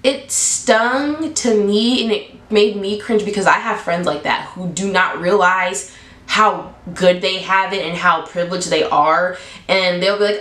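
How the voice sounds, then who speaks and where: A young woman giving a casual, animated movie review with sassy, playful delivery and frequent laughter. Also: lowish voice. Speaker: vlogger. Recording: echoey room.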